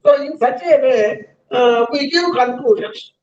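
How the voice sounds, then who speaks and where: A man with an Indian English accent lecturing in an online counselling session, halting with many fillers and repeated list items. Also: extremely high pitch, a little mellow. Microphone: video call. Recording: dull lo-fi online audio.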